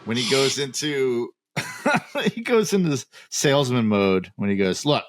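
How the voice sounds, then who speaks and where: A man's voice: mid-range voice, very animated, unhurried. A man co-hosting a podcast, chatting casually about a film, laughing often and quoting scenes. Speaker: podcast co-host. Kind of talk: casual movie chat.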